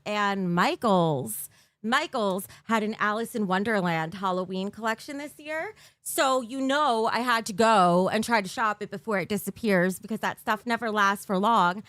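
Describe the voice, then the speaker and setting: High-voiced chatty woman streamer. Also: normal speed, fairly bright tone, no echo, studio quality. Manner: chatty and giggly, talking to viewers in the chat. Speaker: live streamer. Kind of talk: casual live-stream chat. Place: her bedroom streaming room, indoors. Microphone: desk mic for streaming.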